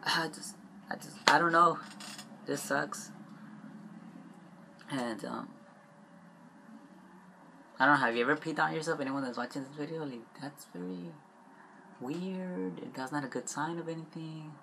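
A young man rambling in a confessional vlog, upset and stressed, halting and trailing off with frequent swearing. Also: fairly high pitch, gravelly, bright, forceful tone, a little hiss or hum.

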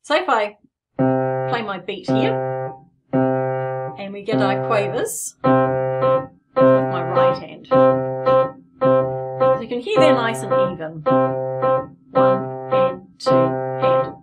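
A woman's voice: a little high, lively intonation, takes it slowly, pauses often. A middle-aged woman teaching piano in a playful, encouraging way, explaining rhythms as she plays. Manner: playful and encouraging, demonstrates while playing. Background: piano playing.

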